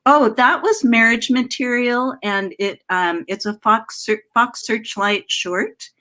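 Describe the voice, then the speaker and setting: A woman's voice: on the high side, takes it slowly, sharp tone. Gushing woman chatting on a video call. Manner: gushing, emotional, rambling. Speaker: letter writer for the show and actress. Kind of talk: casual chat on a video call.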